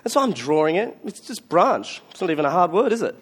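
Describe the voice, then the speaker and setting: A man's voice: sits high, sing-song, fast, slightly rough. A man preaching a Christmas sermon, telling stories in a conversational, self-mocking way. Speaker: pastor.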